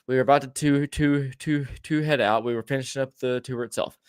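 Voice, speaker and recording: A man's voice: medium pitch, fairly even intonation, a little fast, smooth. Male podcast host, casual storyteller, profane and rambling, lots of restarts.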